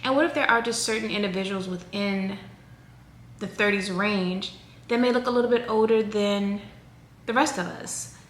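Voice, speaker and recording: A woman's voice: medium pitch, normal speed. A woman in her thirties chats to her viewers in a loose, rambling way, full of asides. Her voice bounces around a reverberant room, with a faint hiss of background noise underneath. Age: 30s. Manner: chatty, rambling, animated. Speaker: vlogger. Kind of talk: casual chat to camera.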